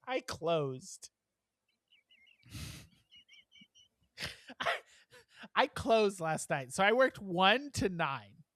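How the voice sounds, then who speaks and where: A man's voice: high-pitched, sing-song, very slow, pauses often, a bit bright, dry recording, studio quality. Tired, giggly man chatting on a podcast. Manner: chatty and giggly, rambling with many fillers. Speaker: podcast co-host. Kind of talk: casual chat.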